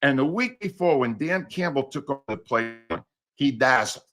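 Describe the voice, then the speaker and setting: Animated, sarcastic sports radio veteran. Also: male voice, medium pitch, moderate pace. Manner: blunt, animated, sarcastic, profane rants. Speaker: guest, former sports radio host. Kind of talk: sports talk show chat.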